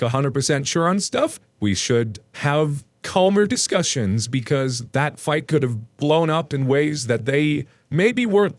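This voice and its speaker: A man's voice: fairly high pitch, dry recording. A man reading Reddit stories aloud and breaking off into rambling, self-mocking asides. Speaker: Reddit story reader.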